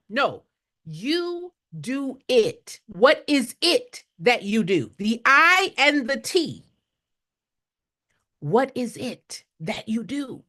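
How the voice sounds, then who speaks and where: A woman's voice: medium pitch, a bit bright. A woman fundraising coach teaching a live class with emphatic, repetitive call-and-response, often asking listeners to answer in the chat.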